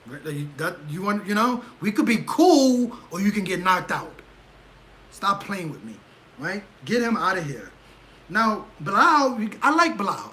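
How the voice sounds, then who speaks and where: Livestream host, male, high bright voice, excitable and rhetorical, faint hiss on the recording. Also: rough recording. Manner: animated, rhetorical, keeps asking "right?"; gets loud and excitable. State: leg cramp. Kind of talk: casual livestream commentary.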